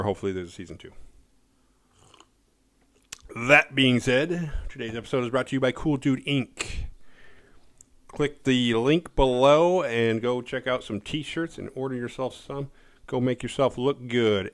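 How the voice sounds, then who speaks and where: A man in his forties with a fairly low voice hosts a horror movie show. He recaps the plot in a rambling, offhand way, with casual swearing mixed in.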